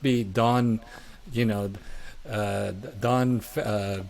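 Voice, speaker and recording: A man co-hosting a casual interview, talking in halting stops and restarts. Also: fairly low pitch, steady tone, gravelly, a little mellow. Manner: halting, many restarts and fillers. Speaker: news anchor, co-host. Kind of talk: casual chat.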